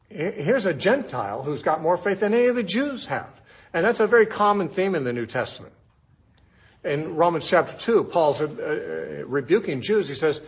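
Guy doing a bible teaching, kinda husky voice, slightly high, dull lo-fi recording. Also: sing-song, moderate pace. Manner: conversational, with rhetorical questions.

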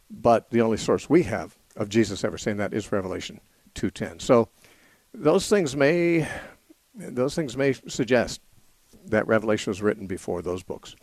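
A man hosting a call-in radio show, answering questions about the Bible in a measured, explanatory way, thinking aloud with small restarts. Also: fairly low pitch, animated, darkish tone, dry recording. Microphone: studio mic.

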